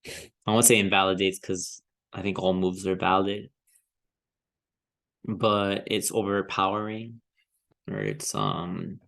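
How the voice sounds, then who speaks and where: A crypto trading vlogger talks through charts in casual analysis commentary, thinking aloud in an easygoing, hesitant way. He often trails off, restarts, and chuckles to himself. His voice is lowish with a fairly bright tone.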